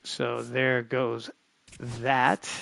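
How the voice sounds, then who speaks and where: A male gaming streamer drawls through chatty live commentary of a baseball management game, talking to himself as he organizes his roster. His medium-pitched voice is level and fairly bright, with vocal fry and a little hiss or hum in the background.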